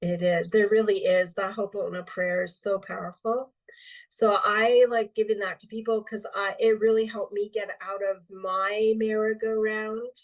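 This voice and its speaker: A woman speaking as a healing medium guest in a relaxed interview, rambling with many fillers. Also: medium pitch, moderate pace, far from the mic. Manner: meandering, filler-heavy, lots of um and like.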